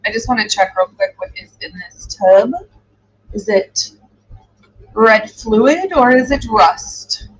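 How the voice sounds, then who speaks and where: A woman's voice: a little high, expressive, slow pace, husky. A woman hosting a live true crime stream, thinking aloud as she reacts and trails off in hesitant musing. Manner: coos softly to her dog. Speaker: true crime livestream host. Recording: dull lo-fi stream audio.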